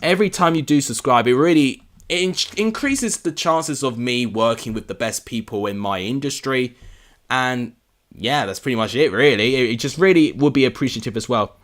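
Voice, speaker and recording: A man's voice: medium pitch, normal speed, fairly bright tone. A young man from England hosting a live football watchalong, chatting casually and answering viewer comments. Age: young adult. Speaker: livestream host.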